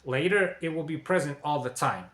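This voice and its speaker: Bright-voiced man explaining car repairs. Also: on the high side, normal speed, reverberant. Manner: repeats "okay?" and addresses "dear viewers". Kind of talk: instructional explainer.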